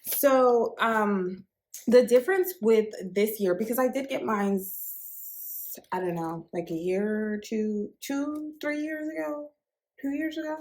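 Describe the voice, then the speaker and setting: A woman chatting through a casual storytelling unboxing vlog in an excitable, conversational way. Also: on the high side, a little slow. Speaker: fashion vlogger.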